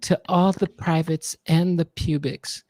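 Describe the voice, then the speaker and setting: A man putting on a soft, breathy male pop star who plays a drill sergeant, talking slowly and gently. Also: on the high side, fairly even intonation, dry recording, clean studio sound, voice pushed up, natural voice. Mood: gentle.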